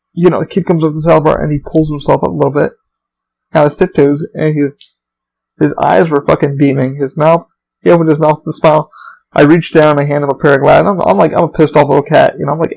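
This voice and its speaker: A man's voice: on the high side, flat delivery, quick pace, creaky, darkish tone, low-quality recording. A man hosting a podcast, telling work stories in a rambling, profane, casual monologue. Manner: profane, storytelling, rambling with restarts. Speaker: podcast host; theme park employee.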